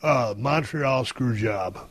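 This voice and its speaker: A man's voice: mid-range voice, takes it slowly. A man hosting a casual interview who prompts his guest with short questions and retells stories back to him. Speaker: host.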